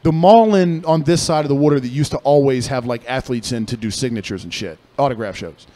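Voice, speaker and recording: A young man spinning a story on a casual radio chat show. He talks in a loose, profane, animated way, with a voice in the middle range. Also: medium pitch, a little fast. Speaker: podcast co-host.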